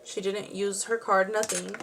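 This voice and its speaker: A woman's voice: medium pitch, flat delivery, a little slow, vocal fry, fairly bright tone, a little hiss or hum. A young woman telling a true crime story in a chatty, rambling way while doing her makeup at home. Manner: chatty, rambling, with frequent "like" and asides. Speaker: beauty and true crime vlogger.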